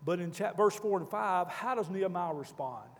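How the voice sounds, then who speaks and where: A man's voice: sits high, animated, moderate pace, in a large hall. A man leading a Bible study class, asking the group questions and reading scripture aloud.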